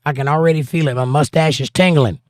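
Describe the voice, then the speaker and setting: A man's voice: fairly high pitch, steady tone, quick pace, no echo. Male livestream host, casual, jokey, reads chat aloud, dry close sound. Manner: chatty, jokey, reads viewer comments aloud.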